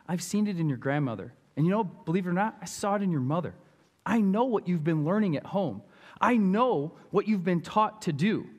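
A man's voice: high-pitched, animated, a little fast, a little mellow, breathy edge, long reverb tail. A man doing a folksy old apostle with a put-on accent. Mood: urging. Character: apostle Paul, older man, folksy, encouraging.

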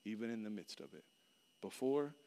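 A man preaching a sermon, telling a personal story with lively swings between loud outbursts and hushed, earnest passages. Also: on the low side, normal speed. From Florida. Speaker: pastor.

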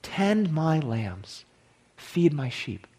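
Husky-voiced man preaching a sermon. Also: on the high side, big pitch swings. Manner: swings from loud emphatic preaching to hushed, slow guided prayer. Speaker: pastor.

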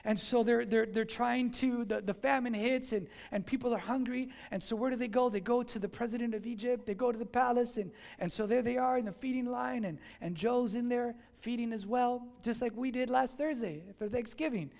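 A male pastor giving a sermon, telling a story with lively voiced dialogue. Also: very high-pitched, fairly quick, gravelly, few pauses. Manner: animated storytelling, acting out dialogue.

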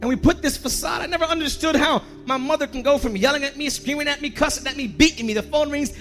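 A man preaching a sermon as pastor, emotional and personal, building to a shouted climax with repeated lines. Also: very high-pitched, fast talker, few pauses, faint music behind.

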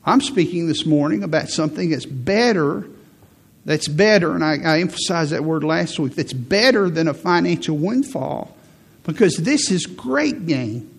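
A man's voice: on the high side, expressive, normal speed, creaky, husky. A middle-aged man preaching a sermon as pastor, emphatic, repeating key phrases and lifting his voice to stress a point.

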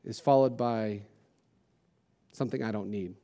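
A man's voice: on the low side, a little slow, dark tone. A man preaching a sermon as a pastor, casual and conversational, with self-deprecating jokes and lots of "like" and "you know".

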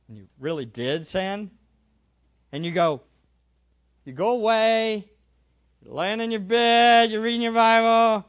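A male preacher giving a sermon, animated, acting out little scenes and repeating phrases for emphasis. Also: sits high, measured pace, pauses often, dull audio.

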